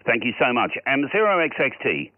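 A friendly man from Scotland works a busy ham radio pile-up, quickly logging each caller and chatting in between. His voice sits mid-range and comes through thin and phone-like, with a faint hiss. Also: medium pitch, big pitch swings. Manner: friendly, quick call handling. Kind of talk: casual radio chat. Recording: tinny radio audio.

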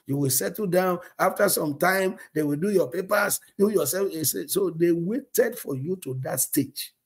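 Animated male pastor, gravelly voice. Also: fairly high pitch. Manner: animated storytelling, acts out dialogue, chuckles often. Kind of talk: sermon.

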